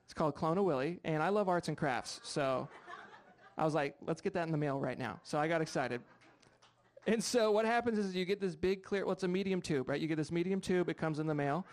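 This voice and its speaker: Self-deprecating young stand-up comic. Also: male voice, fairly high pitch, fairly quick. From United States. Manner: self-deprecating, chatty, talks to the crowd. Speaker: stand-up comedian. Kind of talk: stand-up comedy set. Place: live comedy show with audience.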